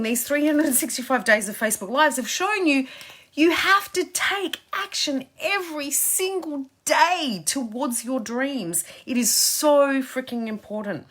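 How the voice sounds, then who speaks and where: A woman's voice: high voice, a bit bright. A woman success coach giving a motivational live-stream talk, chatty and emphatic, repeating phrases for stress, on a phone or webcam at home.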